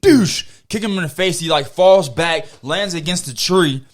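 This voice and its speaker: A man hosting a podcast, telling a story in a casual, animated way and swearing freely. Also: sits high, normal speed. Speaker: podcast host.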